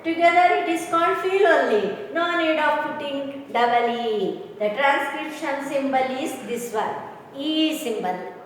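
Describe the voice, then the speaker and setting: A woman teacher giving a slow classroom lecture on English pronunciation, repeating words and often asking if the students understand. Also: sits high, expressive, a little hiss or hum. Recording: echoey hall from far off, faint ambience.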